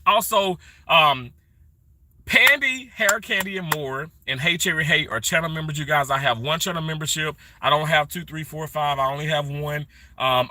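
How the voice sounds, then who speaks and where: A middle-aged man chatting casually on a live stream, greeting viewers by name and rambling warmly. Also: medium pitch, no echo. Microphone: phone held vertically.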